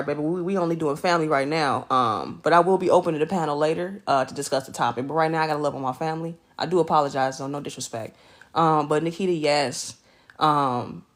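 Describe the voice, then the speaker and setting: A woman streaming live from her bed at home, greeting viewers by name in animated, slangy casual chat. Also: sits low.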